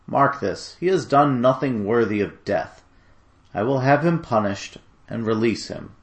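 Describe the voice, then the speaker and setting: A man's voice: mid-range voice, expressive, a little slow. A man voicing a troubled, wavering Roman governor who questions and pleads with a crowd, in a dramatic scripture reading. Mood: reasoning.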